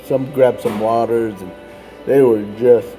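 A street minister tells a story in a relaxed, rambling way, leaning on "like" and "man". His voice is dark and mellow. Soft music plays faintly under him. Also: mid-range voice, a little slow, rough recording. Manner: casual, fills with like and man. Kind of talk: telling a personal story.

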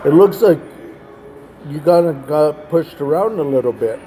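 A man's voice: fairly high pitch, animated, moderate pace, warm tone, natural voice. A man voicing an earnest little girl who plays nurse, bossy and caring.

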